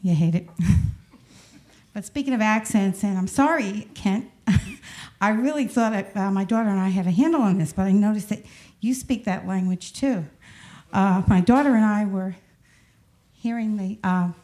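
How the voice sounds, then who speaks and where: A woman's voice: medium pitch, mellow. A woman in her sixties with a New York accent, performing a rambling stand-up comedy set on a club stage and laughing at her own jokes. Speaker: stand-up comic.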